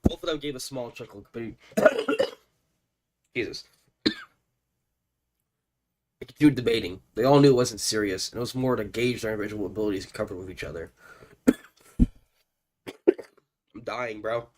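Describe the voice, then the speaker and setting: Male streamer, congested from allergies, excitable commentary mixed with stumbling read-alouds. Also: fairly low pitch, moderate pace, pauses often, very noisy. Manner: excitable, stumbles over names. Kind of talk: live gameplay commentary and reading game text aloud.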